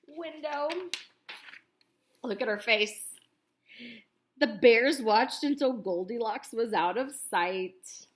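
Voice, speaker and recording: A woman reading a picture book aloud to children as a teacher, animated and full of chatty asides to her listeners. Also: fairly high pitch, unhurried.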